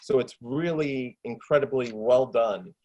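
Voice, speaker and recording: A man's voice: mid-range voice, unhurried, a little mellow, lo-fi sound, a little hiss or hum. Guy on a home mic gushing in an interview, lots of likes and ums. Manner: enthusiastic, rambling, lots of fillers. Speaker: actor and filmmaker. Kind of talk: casual video interview. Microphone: desktop USB microphone with pop shield.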